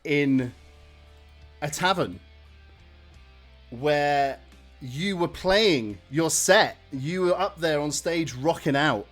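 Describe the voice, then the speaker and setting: A man's voice: on the high side, lively intonation, slow, long pauses, a bit bright, faint music behind. A man narrating as game master in a casual way, with many fillers. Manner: casual, lots of fillers, laughs often.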